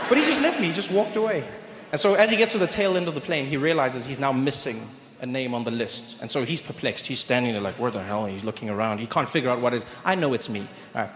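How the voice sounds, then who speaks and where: A man in his thirties with a South African accent telling a stand-up story, acting out the people in it. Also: a little high. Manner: animated storytelling, acting out characters with shifting voices. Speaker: stand-up comedian. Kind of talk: stand-up comedy set. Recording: echoey stage with audience noise.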